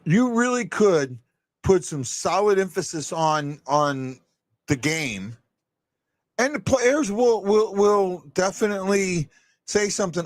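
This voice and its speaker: Guy rambling on his live stream, blunt and sweary, lots of false starts, dry close sound, voice a bit high. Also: animated, dry recording. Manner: rambling, halting, with many restarts and swearing; blunt and opinionated. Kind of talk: casual live-stream chat.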